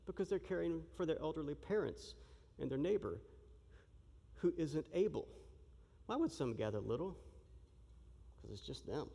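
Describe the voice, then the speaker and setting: A man with a fairly high voice preaches with lively energy, cracking jokes and acting out the shouting crowd. The long reverb of a large hall rings behind every phrase. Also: normal speed, gravelly, pauses often, slightly rough. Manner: animated, joking, acts out the crowd's shouting. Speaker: pastor. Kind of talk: sermon.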